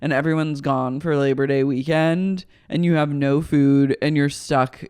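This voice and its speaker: A podcast co-host in casual chat, recapping a TV episode with animated, profane, jokey banter. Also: medium pitch, measured pace, clean tone, no room sound, clean studio sound.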